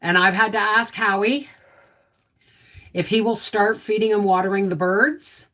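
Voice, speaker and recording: A woman's voice: mid-range voice, steady tone, a little slow, pushed and bright. A woman hosting a casual livestream from her home, chatting, greeting viewers by name and talking to her dog. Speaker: homestead livestream host.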